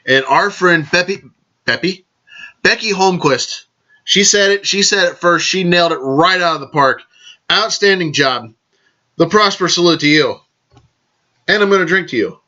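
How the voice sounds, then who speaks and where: A man's voice: high voice, lively intonation, moderate pace, pauses often, bright, forceful tone, muffled recording. A man hosting a casual vlog, rambling along, correcting himself and raising toasts to his listeners. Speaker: podcast host.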